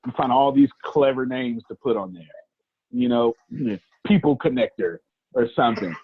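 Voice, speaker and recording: Man, motivational speaker, fiery and preachy, husky voice, tinny phone-like sound. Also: lively intonation, moderate pace, dry recording. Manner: fiery, preachy, emphatic with big pitch swings. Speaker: business speaker. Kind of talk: motivational talk.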